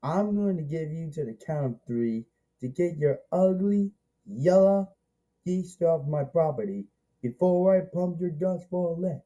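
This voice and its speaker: A man quoting a threatening gangster from an old movie, delivered quickly in the speaker's own everyday voice. The tone is dark and mellow, with the pitch sitting a little high. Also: expressive, highs cut off. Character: tough-talking male gangster from an old movie.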